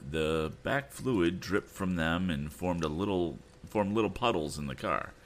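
A man hosting a storytelling show, reading a classic novel aloud in a relaxed way with chatty asides. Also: low voice, measured pace, slight background noise. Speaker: storytelling host.

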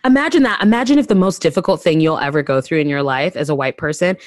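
A woman comedian with a low, deep voice speaks emphatically and bluntly in a casual chat. She sounds close to the mic, and the recording is dry with no room sound. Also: fast talker, no echo, poor audio. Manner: emphatic, profane, preachy. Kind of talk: casual podcast conversation.

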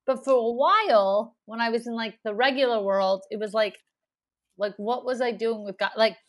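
Her voice sits on the higher side and moves at a moderate pace as this woman in her thirties chats informally. She tells rambling, animated stories loaded with fillers.

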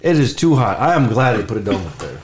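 Animated man telling a story. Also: lowish voice, fast. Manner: animated, laughs often, restarts and stammers. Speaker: podcast host. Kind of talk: casual storytelling chat.

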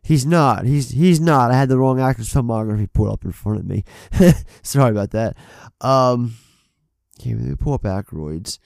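A male podcast co-host talks in a loose, rambling way, swearing often and joking at his own expense. His voice is gravelly and mellow. The recording is dry and close, with no room sound. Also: medium pitch, moderate pace, dry recording. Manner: profane, rambling, self-deprecating. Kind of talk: casual chat.

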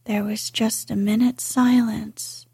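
Woman narrator, whispered storytelling, very slow, breathy, dry close sound. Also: on the high side, level tone, no echo. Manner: soft unhurried whispered reading.

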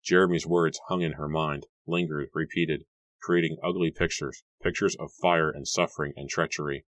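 A man narrating an audiobook in a measured, even reading. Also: a bass voice, dry recording.

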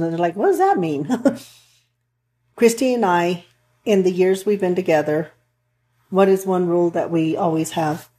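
Earnest lady counselor chatting, kinda low warm voice, lots of restarts. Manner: earnest, rambling with restarts and storytelling. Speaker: counselor for couples and families. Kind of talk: casual podcast chat.

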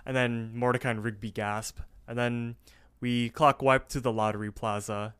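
A man's voice: medium pitch, flat delivery, moderate pace, fairly bright tone, smooth. A man co-hosting a podcast, casually retelling a cartoon episode with lots of fillers. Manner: rambling retelling with fillers and quoted lines. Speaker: podcast co-host.

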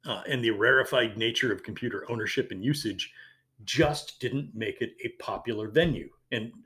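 A man with a mid-pitched voice co-hosts a podcast in relaxed, casual conversation. He jokes around and drops into quick mock voices to make his points. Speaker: podcast co-host. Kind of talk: casual chat.

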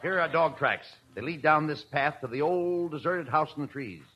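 A man's voice: a little high, normal speed, slightly rough. A man playing the bossy straight man in a 1940s radio comedy, on a dull, scratchy old broadcast recording.

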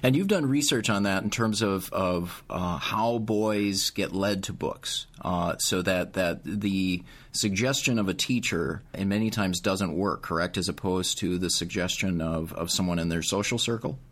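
A man's voice: low voice, measured pace, few pauses, fairly bright tone. A man interviewing a guest, asking probing, careful questions.

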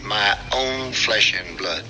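A smooth, unctuous false preacher. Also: male voice, lowish voice, takes it slowly, poor audio. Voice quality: unctuous, sermonizing. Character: sinister smooth-talking fake preacher, grown man. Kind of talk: 1950s film acting. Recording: old film soundtrack with music.

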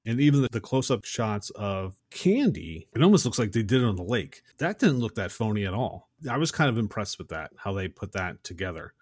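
Podcast co-host, male, lowish pitch, chatty and rambling, recorded dry. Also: very animated, a little fast, few pauses, darkish tone, no room sound. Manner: rambling, chatty, acts out quotes. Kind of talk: casual movie scene retelling.

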